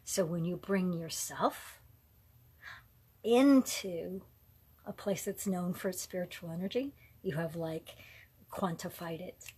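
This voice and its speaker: A middle-aged woman hosts a casual live talk in a breathy, slightly husky voice that sits on the low side. She rambles and digresses, and often slips into soft, whispery asides. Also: slow pace. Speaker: host of a live online talk.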